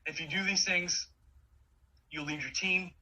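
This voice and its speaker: A man in his forties giving an energetic motivational talk, with many quick restarts. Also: high-pitched, low-quality recording. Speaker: keynote speaker.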